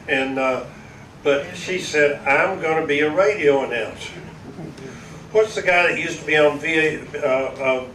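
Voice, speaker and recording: A man's voice: on the high side, fairly bright tone, a little hiss or hum. An older man, a veteran broadcaster telling rambling, chuckling stories to an audience at an event. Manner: chuckling, folksy, meandering with restarts. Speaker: veteran broadcaster giving a speech. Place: large echoey event hall. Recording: echoey hall from far off.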